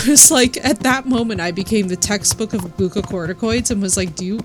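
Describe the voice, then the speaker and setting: A woman's voice: medium pitch, brisk, over music. A woman streamer chatting casually while playing, telling a story animatedly and quoting people in her own voice. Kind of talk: casual chat while gaming.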